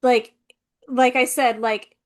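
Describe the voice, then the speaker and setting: Woman, high bright-pitched voice, casual podcast co-host, rambling, full of fillers. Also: flat delivery, slow. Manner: rambling, filler-heavy, acts out characters' lines. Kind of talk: casual book-and-film review chat.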